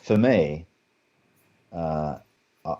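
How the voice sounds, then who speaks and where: An English man, a guest actor, telling lively anecdotes on a video call and acting out the other people in his stories. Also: extremely low pitch, very slow, dull audio. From England. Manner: animated anecdotes, acts out other people's lines. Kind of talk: storytelling in a webcast Q&A.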